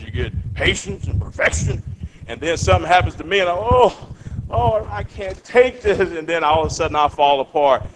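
A man leading a Bible study, reading verses and acting out what people say, with lively questions to his class. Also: a little high, a little hiss or hum. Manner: animated, acts out quotes, asks the class questions.

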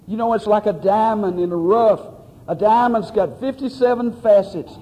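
A man's voice: sits high, mellow, in a large hall, low-quality recording. A man preaching a sermon, pleading and emphatic, repeating his phrases for weight.

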